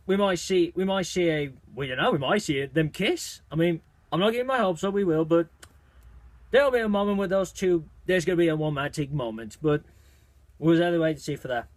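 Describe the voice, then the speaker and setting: A man reviewing a movie trailer in a casual video, talking excitedly in a rambling way with lots of restarts and fillers. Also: on the high side, fairly quick, no echo.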